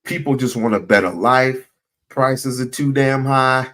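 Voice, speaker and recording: A man's voice: mid-range voice, unhurried, fairly bright tone. A man hosting a livestream, talking loosely and bluntly, swearing and repeating his points. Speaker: livestream host. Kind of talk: casual livestream talk.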